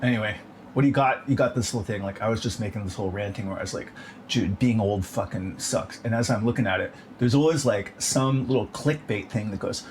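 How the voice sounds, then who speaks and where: A man's voice: fairly low pitch, fairly quick. A man delivering a bitter, profane, rambling rant on his own. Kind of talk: ranting monologue. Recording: noisy background.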